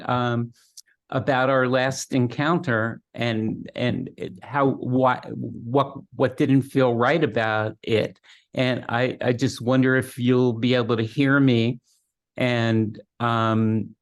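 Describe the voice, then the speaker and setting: An older man talking as a guest in a casual conversation, slow and halting with frequent restarts. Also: medium pitch.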